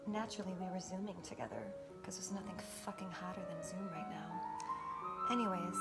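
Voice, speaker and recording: A woman performing a comic monologue in a breathy, mock-seductive whisper, swearing often. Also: on the low side, brisk, loud music behind the voice. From United States. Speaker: comedic performer.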